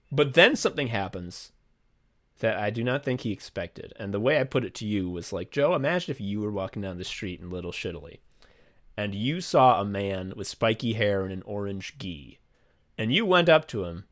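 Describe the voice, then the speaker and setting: A man co-hosting a casual podcast, his voice set at an ordinary middle pitch. He talks in an excitable, profane rush and slips into quick little voices while he retells a story. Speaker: podcast co-host. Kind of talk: casual comedic chat.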